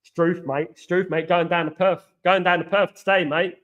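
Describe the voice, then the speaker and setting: A man's voice: sits high, fairly even intonation, normal speed, fairly bright tone, lo-fi sound. A man putting on an older soap-opera man, drawling catchphrases. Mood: jokey.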